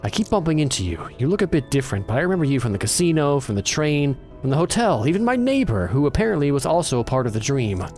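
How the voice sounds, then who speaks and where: A man's voice: a little high, sing-song, fast, few pauses, darkish tone, soft background music. A man voicing a bewildered young woman heroine in a game who gets testy when pushed. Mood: exasperated. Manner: exasperated, questioning.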